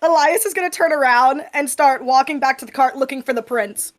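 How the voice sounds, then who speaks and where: A woman's voice: high voice, a little fast. A woman playing a tabletop role-playing game, casually narrating her character with a playful, giggly manner.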